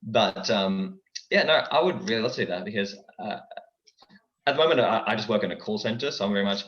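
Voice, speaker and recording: A young man chatting casually as a guest in an interview, lively and dropping into character voices. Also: on the low side, fast. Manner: animated, breaks into character voices. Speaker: guest, impressionist. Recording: dull, echoey recording.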